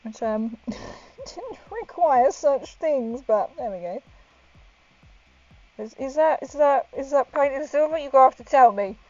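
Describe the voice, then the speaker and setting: A chatty woman talks to her viewers while painting, laughing often and thinking aloud. Her voice sits a little high and sounds muffled and lo-fi, with faint music playing behind her. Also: lively intonation, measured pace, mellow. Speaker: livestreamer painting miniatures. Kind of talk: casual live-stream chat. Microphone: wearing a helmet that muffles her voice. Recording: dull lo-fi stream audio with faint music.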